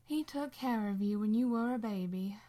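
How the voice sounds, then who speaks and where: A woman voicing a kindly, teasing old blind woman who speaks gently and motherly in a storybook reading. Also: mid-range voice, normal speed, close to an everyday voice. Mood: gentle.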